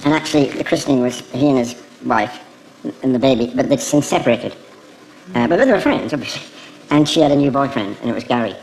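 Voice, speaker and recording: A man recalling a story in an interview, halting with stammered restarts. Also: mid-range voice, lively intonation, gravelly, a little mellow, slight background noise, rough recording. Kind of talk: anecdotal interview.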